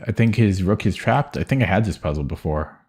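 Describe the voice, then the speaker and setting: A man's voice: sits low, expressive, brisk, a little mellow, breathy edge. A young man streaming chess, thinking aloud in a hesitant, muttering way with frequent self-corrections. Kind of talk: thinking aloud while solving puzzles.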